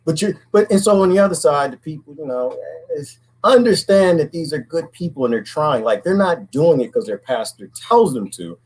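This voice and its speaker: A man's voice: fairly high pitch, breathy edge, rough recording. A man talking alone in a casual, preachy monologue, often asking "right?" and repeating words. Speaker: commentary host.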